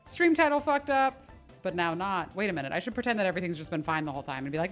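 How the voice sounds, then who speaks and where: Low-pitched and very fast, this personal trainer chats on a live stream while exercising, with soft music in the background. She swears, laughs a lot, and is animated and self-mocking.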